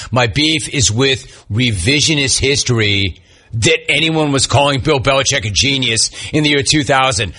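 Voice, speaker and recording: A male sports talk host reads out listener complaints one after another, tossing in quick wisecracks. His delivery is slow and easygoing, and his voice has a bright, forward edge. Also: medium pitch. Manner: wisecracking, riffs on each message. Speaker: sports radio host reading listener messages. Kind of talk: casual sports talk show chat.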